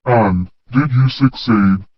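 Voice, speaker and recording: A man's voice: medium pitch, takes it slowly, no echo, lightly acted. A man voicing a timid, anxious young woman who is the narrator's best friend, speaking hesitantly. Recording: dull, dry lo-fi recording.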